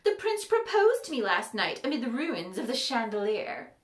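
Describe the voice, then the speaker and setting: A woman voicing a cold, imperious young girl with a breathy, curt manner. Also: fairly high pitch, very animated, normal speed, reverberant.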